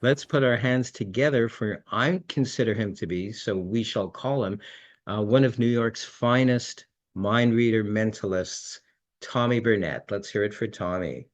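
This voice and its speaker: A man's voice: on the low side, unhurried. A man hosting an online magic show, chatting casually and introducing each act. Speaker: host.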